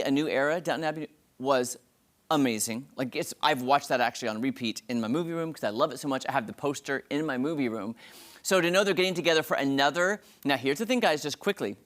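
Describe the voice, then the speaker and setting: On a morning TV show, a man hosts an entertainment review segment, speaking in a gushing, dramatic, excited way. His voice is on the high side.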